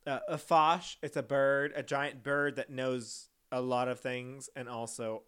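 A man's voice: medium pitch, flat delivery, a little slow, fairly bright tone, clean tone. A man co-hosting a casual podcast, chatty and rambling, reacting and going off on tangents. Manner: chatty, rambling, laughs often. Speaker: podcast co-host. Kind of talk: casual chat.

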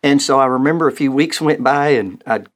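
A man's voice: mid-range voice, brisk. A man speaking as a pastor in a Christian talk show, with an earnest, preacherly cadence.

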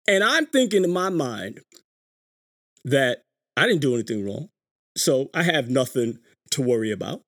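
Animated man hosting a podcast. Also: medium pitch, normal speed, long pauses, dry recording, clean studio sound. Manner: animated storytelling with frequent restarts. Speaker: podcast host. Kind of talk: casual live-stream monologue.

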